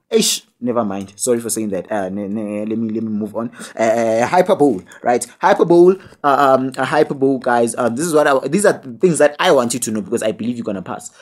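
Chatty young South African man tutoring. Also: medium pitch. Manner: chatty, scolding and joking, with many fillers and tag questions. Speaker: online tutor. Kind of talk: casual video tutorial.

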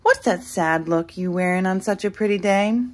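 A woman playing a genteel older neighbor lady who talks in a lilting sing-song. Her voice rides high and bright on each greeting, in storybook fashion. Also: normal speed, natural voice.

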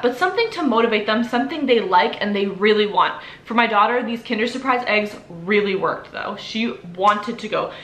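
Brief: young woman, slightly high voice, chatty upbeat vlogger giving home advice, echoey room. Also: fairly bright tone. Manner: chatty, upbeat, lots of "like" and "you know". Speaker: parenting vlogger. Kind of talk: casual advice talk to camera.

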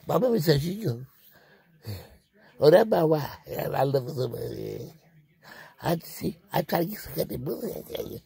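Breathless gravelly man rambling crudely. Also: a little high, animated, moderate pace, warm tone. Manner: crude, joking, laughs often. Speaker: vlogger. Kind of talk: rambling comic monologue.

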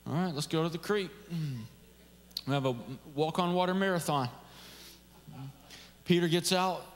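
A man's voice: a little high, a bit bright. A male pastor giving a conversational, jokey sermon full of rhetorical questions, in a church. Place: church sanctuary. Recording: long church reverb.

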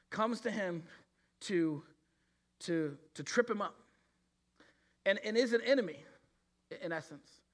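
A man preaching a sermon in an earnest manner, with frequent restarts and acted-out quotes. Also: sits high. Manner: earnest, repeats words and restarts often, acts out quoted voices. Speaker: pastor.

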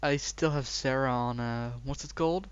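Young British male gamer, dry sarcasm; smooth tone on a dull low-fi mic. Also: normal speed. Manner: sarcastic, crude. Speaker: co-host gamer. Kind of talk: casual gaming chat.

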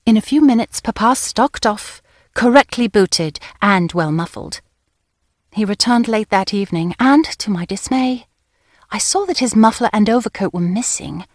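A woman narrating a novel in the first person, with a crisp, wry storytelling manner. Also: mid-range voice, expressive, normal speed, no echo, clean studio sound. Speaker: audiobook narrator.

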